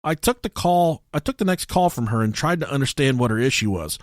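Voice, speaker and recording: A young man co-hosting a podcast, telling stories in a casual, animated way, swearing often and shouting when acting out scenes. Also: medium pitch, brisk, no echo, studio quality. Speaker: podcast co-host.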